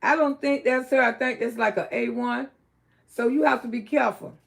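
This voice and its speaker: A middle-aged woman with a Southern US drawl talks straight into her livestream, blunt and outspoken. Her high voice has a heavy gravelly fry running all through it. She sinks to a low mutter and then climbs back up to loud exclaiming. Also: steady tone, moderate pace. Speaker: livestream host. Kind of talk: casual livestream commentary.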